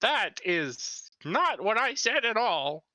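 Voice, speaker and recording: A man's voice: high-pitched, very animated, takes it slowly, sharp tone, no echo, heavily acted. A man voicing an ancient exiled male minotaur king who speaks in a grand, formal manner and coughs between his words. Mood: indignant.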